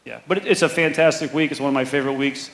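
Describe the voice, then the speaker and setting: A man who caddies on the golf tour, telling anecdotes quickly and mocking himself as a guest. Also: mid-range voice, reverberant, a little hiss or hum, rough recording. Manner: animated anecdote teller, quick and self-mocking. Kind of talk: storytelling interview guest.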